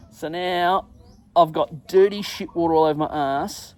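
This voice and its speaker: A middle-aged man hosting his own show, telling a crude, self-mocking travel story in a casual monologue and acting out his own shouts. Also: high voice, expressive, unhurried. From England. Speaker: podcast host.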